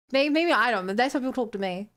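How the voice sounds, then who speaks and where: A young woman with a New Zealand accent chats casually with her stream audience, reading chat in a playful, incredulous way. Her voice is on the high side with a fairly bright tone, and she laughs and exclaims in disbelief.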